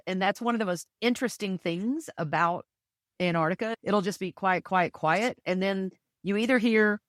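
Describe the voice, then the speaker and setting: Podcast guest, woman from Texas, low pitch, dry close sound, chatty and enthusiastic storyteller. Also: dry recording. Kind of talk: casual interview chat.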